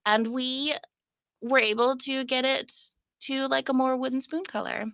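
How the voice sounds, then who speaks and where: Woman co-host, bright slightly raised voice with vocal fry, lively giggly storyteller, dry close sound. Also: high-pitched, moderate pace, no room sound. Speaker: show co-host. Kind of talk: casual live-chat banter.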